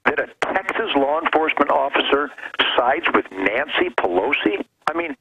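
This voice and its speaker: A man phoning into a talk show, his fervent, preachy delivery swinging from low rumbles to high peaks. His fairly high voice comes through a dull, muffled phone line with clear hiss behind it. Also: big pitch swings, moderate pace. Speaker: caller-in guest. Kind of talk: fervent call-in commentary. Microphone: telephone.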